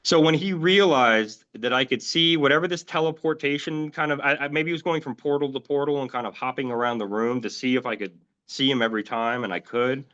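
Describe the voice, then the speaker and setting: Male interview guest telling his own story; halting, filler-heavy delivery, average pitch, dull low-fidelity recording. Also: a bit bright. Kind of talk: recounting personal experiences in an interview. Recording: dull lo-fi audio.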